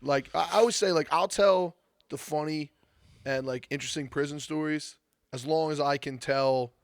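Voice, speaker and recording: A man's voice: fairly high pitch, steady tone, normal speed, no room sound, studio quality. Rambling male podcast guest. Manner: rambling storyteller, lots of "like", blunt. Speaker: strongman coach and guest. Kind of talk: casual chat.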